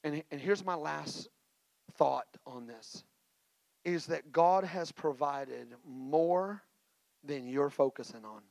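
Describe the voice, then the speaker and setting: A male pastor, preaching a sermon with a personal story and energetic call-and-response exhortations. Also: a little high, takes it slowly, vocal fry, no echo, rough recording. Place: church.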